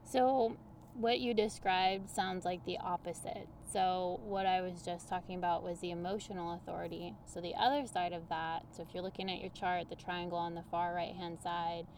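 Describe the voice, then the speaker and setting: Chatty woman with a gravelly voice. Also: fairly low pitch, moderate pace, a little hiss or hum. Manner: animated, chatty, explains with everyday examples. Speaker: human design coach, podcast guest. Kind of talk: casual conversational interview.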